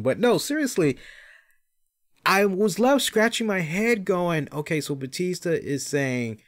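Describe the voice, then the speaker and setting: A man on a wrestling podcast rants in a loose, profane way and drops mocking impressions as he goes. His voice sits a little higher than most men's. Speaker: podcast host. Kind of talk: casual wrestling commentary.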